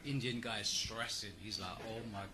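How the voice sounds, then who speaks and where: A man's voice: on the low side, normal speed, heavy background noise. A man telling a joke in a played clip, laughing through his own punchline.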